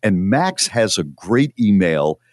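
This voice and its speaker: A man co-hosting a radio show, telling stories in casual, earnest chat with halting restarts. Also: fairly low pitch, big pitch swings, a little mellow, no room sound, clean studio sound.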